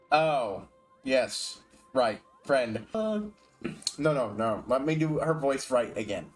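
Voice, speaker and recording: A man's voice: medium pitch, expressive, takes it slowly, soft background music. Swearing male game streamer. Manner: swears a lot, stumbles over words. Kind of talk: casual gaming commentary.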